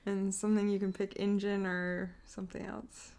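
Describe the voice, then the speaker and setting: A woman's voice: mid-range voice, level tone, moderate pace, dark tone. A woman co-hosting a podcast in casual chat, laughing often and chiming in with short quips. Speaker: podcast co-host.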